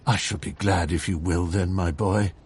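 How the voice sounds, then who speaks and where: A man's voice: low-pitched, steady tone, normal speed, darkish tone, slight background noise, voice pushed down, lightly acted. Man reading as a worried, pleading father. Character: worried middle-aged father.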